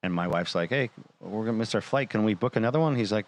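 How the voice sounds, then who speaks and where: Low-pitched man, casual storyteller, acts out the dialogue, talk-show guest. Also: fast talker. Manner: animated, quotes others in dialogue.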